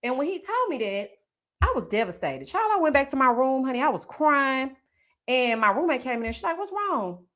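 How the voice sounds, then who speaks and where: A woman with a Texas Southern twang, chatting casually with her viewers in a sing-song, drawn-out way. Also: high voice, sing-song, a bit bright. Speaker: YouTube reality-show reviewer. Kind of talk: casual chat reading viewer comments.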